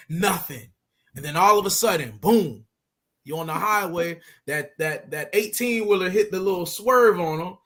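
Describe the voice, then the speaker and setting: Emphatic high-voiced male teacher. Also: fairly bright tone. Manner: emphatic, conversational, repeats for stress. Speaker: religious teacher. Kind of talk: street-style scripture teaching.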